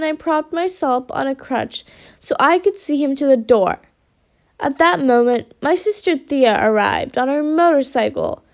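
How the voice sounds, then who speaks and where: A woman reading a children's storybook aloud with lively expression. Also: high-pitched, measured pace.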